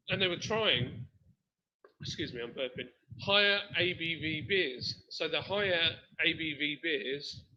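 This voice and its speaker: A man hosting a casual live stream from a brewery, joking and reading out viewer comments. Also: a little high. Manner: jokey, animated, reads comments aloud. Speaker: brewery host. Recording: dull lo-fi live stream audio.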